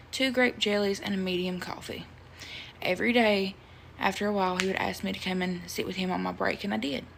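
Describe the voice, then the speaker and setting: Gravelly-voiced woman telling a story. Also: mid-range voice, a little hiss or hum. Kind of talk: personal testimony.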